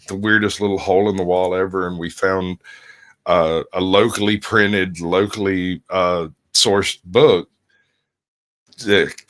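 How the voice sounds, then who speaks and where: A man in casual podcast chat, joking around and telling stories with frequent pauses and fillers. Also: low voice, a bit bright. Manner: jokey, storytelling, frequent uh fillers.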